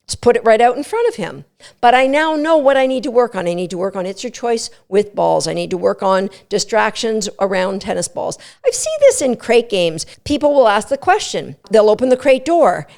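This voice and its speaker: A middle-aged woman hosting a dog training podcast, explaining methods in an emphatic, coaching tone with quick asides. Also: on the high side, creaky, a little mellow. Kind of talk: instructional podcast talk.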